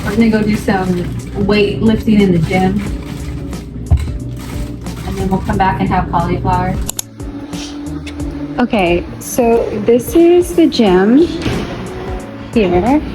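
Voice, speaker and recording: A woman's voice: medium pitch, slow, long pauses. Laid-back young woman vlogging from across the room. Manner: rambling, filler-heavy, laid-back. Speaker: lifestyle vlogger. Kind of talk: casual vlog chat. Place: apartment kitchen, then a gym. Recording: roomy, distant camera audio with music.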